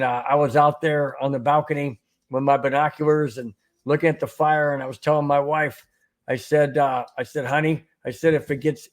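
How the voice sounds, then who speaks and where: A middle-aged man hosting a sports podcast, talking casually with many repeats and restarts while greeting viewers in the chat. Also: mid-range voice. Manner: rambling, repeats words, reads chat aloud. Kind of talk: casual live-stream talk.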